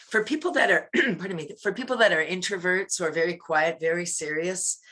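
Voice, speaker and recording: A woman who teaches laughter yoga, chatting on a video call, laughing often and leading loud ho-ho-ha-ha chants. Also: lowish voice, moderate pace. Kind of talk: casual interview chat.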